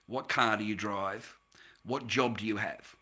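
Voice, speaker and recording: A man's voice: on the low side, steady tone, unhurried, pushed and bright, husky. A man, ranting bluntly and profanely on a casual livestream. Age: 50s. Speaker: livestream host.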